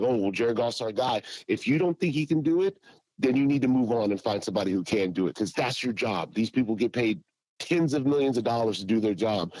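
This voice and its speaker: A man's voice: medium pitch, darkish tone, dry recording, rough recording. A man calling into a livestream, speaking with frustration and emphasis. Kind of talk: casual sports talk.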